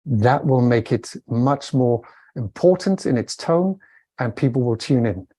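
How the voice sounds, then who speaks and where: Welsh guy on a podcast, coaching how to talk, animated, middle-aged. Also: measured pace, slightly rough. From Wales. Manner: expressive, demonstrative, swings pitch to show inflection. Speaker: communication coach guest. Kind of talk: podcast interview.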